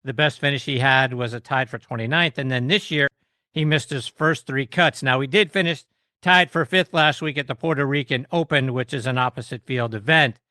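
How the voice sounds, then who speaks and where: A man's voice: mid-range voice, moderate pace, sharp tone, no room sound, clean studio sound. A middle-aged man hosting a golf podcast, introducing his guest and setting up topics with upbeat, emphatic delivery. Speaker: podcast host.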